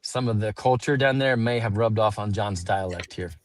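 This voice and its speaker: A man co-hosting a live webinar over a video call, telling stories in a relaxed, fond way. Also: lowish voice, normal speed. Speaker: co-host.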